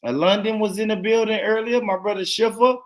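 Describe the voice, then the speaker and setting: A man hosting a casual live stream, laid-back and laughing, rattling off shout-outs to viewers. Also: high-pitched, fairly even intonation, fairly quick.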